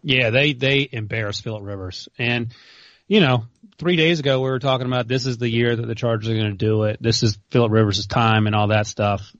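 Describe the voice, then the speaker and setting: A young man in casual sports debate as a co-host, opinionated and quick to correct. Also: mid-range voice, fairly even intonation, fairly bright tone, no echo, lo-fi sound. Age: young adult. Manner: fast, opinionated, corrects others.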